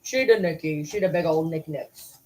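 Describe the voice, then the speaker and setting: A woman's voice: low voice, moderate pace, background noise. Woman cooing baby talk at her dogs. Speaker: livestreamer. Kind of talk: casual livestream chat. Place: at home with dogs on her lap.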